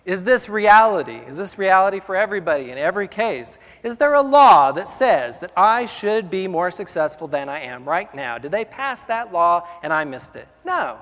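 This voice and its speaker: A man giving a casual motivational speech about self-talk, animated and acting out the voices in his head. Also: high-pitched. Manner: animated, acts out inner voices. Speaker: motivational speaker. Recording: long hall reverb.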